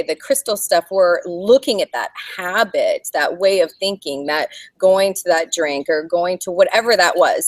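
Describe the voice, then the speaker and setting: A woman's voice: fairly low pitch, dry recording. A woman guest talking casually about spirituality in a rambling, chatty way, laughing often.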